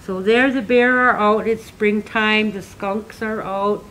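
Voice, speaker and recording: An older woman, an elder teacher, giving a slow, gentle lesson for children, counting and singing and repeating words for learners to say back. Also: medium pitch, steady tone, low-quality recording.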